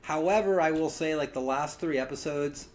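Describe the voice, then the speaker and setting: A man's voice: a little high, moderate pace. A man co-hosting a podcast, talking casually about shows he watches, with lots of yeahs and you-knows. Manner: chatty, lots of "yeah" and "you know" fillers. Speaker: podcast co-host. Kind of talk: casual chat.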